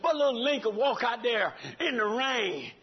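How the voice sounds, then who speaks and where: A man's voice: extremely high pitch, lively intonation, normal speed, lo-fi sound. An older man preaching a sermon, hollering and calling out to the congregation with laughing asides. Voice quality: raspy.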